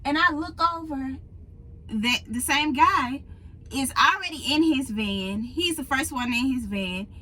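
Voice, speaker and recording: Bright, high-voiced woman telling a story. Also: unhurried, rough recording. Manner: animated, emphatic, talks to viewers directly. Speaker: truck driver vlogger. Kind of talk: casual storytelling to camera. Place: truck cab. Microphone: phone in a holder.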